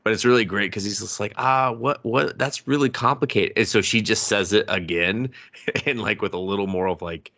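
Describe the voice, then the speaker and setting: A man co-hosting a podcast, recapping anime in casual chat, animated and swearing freely as he acts out scenes. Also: on the low side, moderate pace, dry recording. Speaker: podcast co-host.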